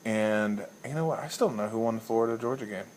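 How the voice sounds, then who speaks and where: A man giving a casual, rambling comic monologue as a league commissioner, swearing freely and telling a story deadpan. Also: lowish voice, quick pace, slight background noise.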